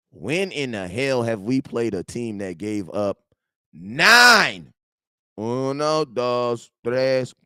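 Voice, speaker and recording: A man about forty hosting a casual football fan show from his garage, animated and slangy, swinging between loud outbursts and low asides. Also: smooth, no room sound, studio quality.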